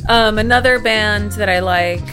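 A woman co-hosting a music podcast in casual chat, giggly and warm. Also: mid-range voice, normal speed. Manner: warm and giggly, often says lovely. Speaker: podcast co-host. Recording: music playing in the background.

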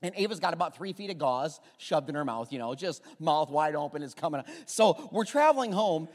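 A man preaching a sermon as a pastor, telling stories in a lively way and having the congregation repeat phrases after him. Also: fairly high pitch, brisk. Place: church sanctuary. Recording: long reverb of a church hall.

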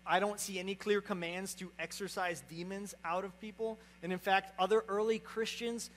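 A man's voice: sits high, level tone, normal speed, fairly bright tone, slight background noise, low-quality recording. A man in his young adult years preaching a sermon as pastor, speaking conversationally and often checking in with "right?". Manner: conversational, repeats "right?" to the congregation.

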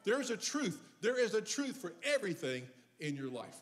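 A man's voice: sits high, big pitch swings, normal speed. An older man preaching a sermon as pastor, joking and folksy between scripture readings. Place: church.

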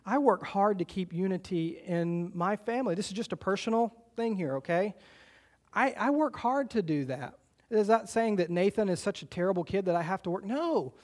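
Pastor preaching with a high voice. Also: male voice, expressive, darkish tone. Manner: emphatic preacher, slows for quoted scripture, speeds up for exhortations. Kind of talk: sermon.

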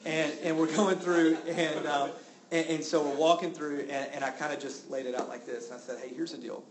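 A man preaching a sermon as a pastor, getting loud and exclaiming when indignant. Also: fairly quick. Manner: animated, exclaiming with rising pitch when indignant. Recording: roomy with faint background noise.

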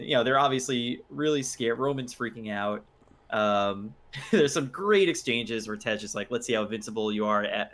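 A man's voice: medium pitch, a bit bright. A man co-hosting a podcast in an easygoing, upbeat way. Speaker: podcast co-host. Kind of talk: casual chat.

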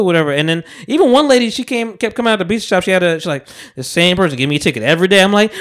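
A man hosting a podcast, chatting casually and telling animated stories with acted-out quotes. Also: high voice, racing, hardly any pauses. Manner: animated storyteller, acts out quotes. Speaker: podcast host. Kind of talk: casual chat.

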